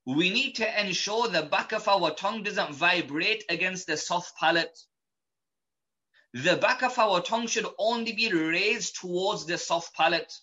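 A man teaching pronunciation in a slow, methodical lesson, patiently repeating each point. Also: high-pitched, bright, forceful tone, muffled recording. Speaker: Quran recitation teacher.

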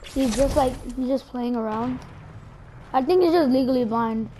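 A woman giving live gameplay commentary, chatty and excitable, talking straight to her viewers. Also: sits high, moderate pace, a little hiss or hum.

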